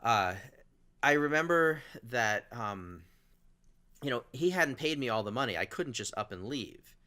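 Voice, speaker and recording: Bright-voiced man telling an animated story. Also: mid-range voice, a little slow. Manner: animated, acts out quoted people in his stories. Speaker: podcast host. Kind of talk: casual storytelling conversation.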